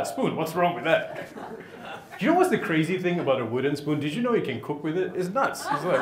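A man's voice: a little high, background noise. A man doing stand-up comedy, with cheeky asides to the audience. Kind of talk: stand-up comedy with crowd work. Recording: live crowd in an echoey venue.

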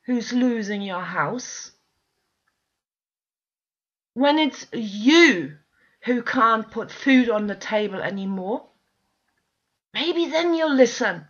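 A woman's voice: on the high side, lively intonation, takes it slowly, long pauses. A woman at home in an impassioned, frustrated monologue to camera, pleading with listeners and swearing often. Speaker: video blogger. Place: at home with dogs nearby. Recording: dull lo-fi recording.

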